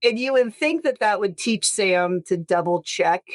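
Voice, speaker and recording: A woman's voice: mid-range voice, lively intonation, unhurried, no echo, studio quality. A woman hosting a casual podcast, rambling with self-corrections and jokes. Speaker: podcast host, estate lawyer.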